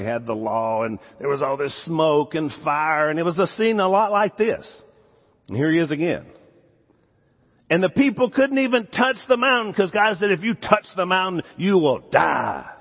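A man with a Southern US accent preaching a sermon as pastor, swinging from loud emphasis to quiet asides. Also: fairly high pitch, moderate pace. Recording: dull sound with long hall reverb.

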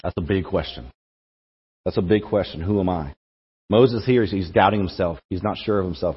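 A man's voice: deep voice, normal speed, breathy edge. A young man giving a conversational sermon to a campus group, repeating words as he thinks aloud. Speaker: campus ministry speaker. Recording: echoey hall, dull lo-fi sound.

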